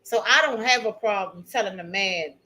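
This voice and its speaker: A woman's voice: medium pitch, moderate pace, pushed and bright, poor audio. A middle-aged woman talks straight to her viewers, chatty and emphatic. She keeps calling them y'all and honey while she tells a story from her own life. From Maryland. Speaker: channel host.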